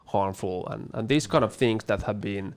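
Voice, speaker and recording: A man's voice: on the low side, normal speed. A man co-hosting a casual Q&A, speaking hesitantly with repeated words and fillers. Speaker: co-host. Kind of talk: casual panel Q&A.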